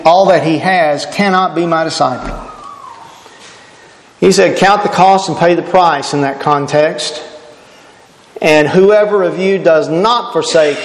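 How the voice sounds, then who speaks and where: Emphatic high-voiced preacher in echoey hall. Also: male voice. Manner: emphatic, repeats phrases for effect. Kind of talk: sermon. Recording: echoey hall with faint noise.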